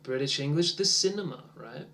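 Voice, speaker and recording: Demonstrating an English lesson for teachers, a man stays encouraging and drawn-out, quieting to near-whispers while he waits for answers. He sounds a little high and animated, with slight background noise.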